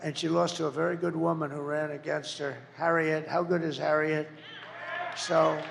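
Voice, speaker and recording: A man's gravelly, rather high voice carries through a large rally hall with long echoing reverb. He speaks as a political candidate, rambling from point to point, mocking his opponents and hammering home lines with shouted emphasis. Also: slight background noise. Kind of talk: campaign rally speech.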